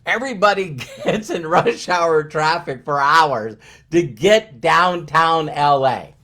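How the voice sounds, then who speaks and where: A middle-aged man tells a story in a lively, fairly high voice that swings widely up and down. He trips over his words, repeating phrases as he builds toward his point in a storytelling talk. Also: takes it slowly. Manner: animated, stammering repetitions. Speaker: motivational speaker.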